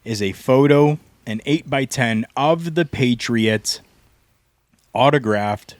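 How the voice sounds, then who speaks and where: Middle-aged male podcast co-host, slow and earnest, dry close sound. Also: medium pitch, no echo. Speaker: podcast co-host, former pro wrestler. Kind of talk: storytelling podcast talk.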